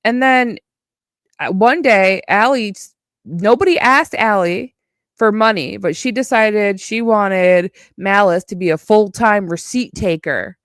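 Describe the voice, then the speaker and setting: A woman's voice: mid-range voice, unhurried, no room sound, clean studio sound. A woman streamer ranting on a casual livestream, heated and profane, with a mocking edge.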